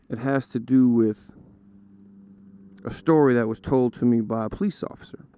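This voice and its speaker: A man's voice: mid-range voice, a little mellow. A man casually telling a story to camera, chatty with frequent fillers and laughs. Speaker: storyteller host. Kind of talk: casual anecdote told to camera.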